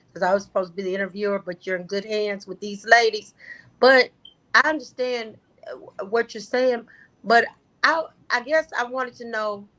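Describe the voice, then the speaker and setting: A woman co-hosting a podcast, asking halting, searching questions in casual chat. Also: medium pitch, fairly bright tone, low-quality recording. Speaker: podcast co-host.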